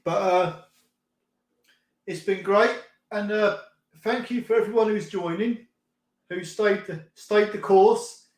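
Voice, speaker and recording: A man's voice: sits high, takes it slowly, pauses often. Chatty man in an echoey room. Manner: rambling, laughs often, mild swearing. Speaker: live stream host. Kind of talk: casual chat reading viewer comments.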